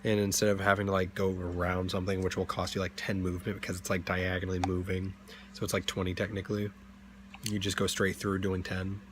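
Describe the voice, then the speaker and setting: A man's voice: sits low, monotone, fast, a bit bright, a little hiss or hum. A young man hosting a tabletop game channel, chatting casually in a rambling way, full of fillers and self-corrections. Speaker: D&D channel host.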